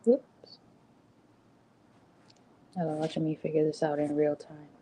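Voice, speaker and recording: A woman's voice: low voice, little pitch movement, a little slow, warm tone, slight background noise. A woman giving a casual motivational talk, conversational, with frequent ums and rhetorical "right?" questions. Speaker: host.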